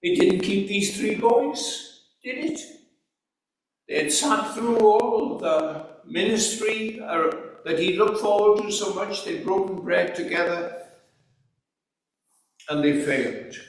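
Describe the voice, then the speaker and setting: A man's voice: high-pitched, slow pace, long pauses. A man preaching a sermon in an earnest, emphatic way, asking rhetorical questions. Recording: echoey hall recorded from far off.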